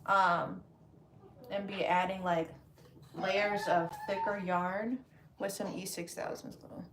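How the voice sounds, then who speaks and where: A woman's voice: mid-range voice, takes it slowly, slight background noise. A woman vlogger talking casually through her crafting work, thinking aloud as she goes. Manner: relaxed, thinking aloud while working.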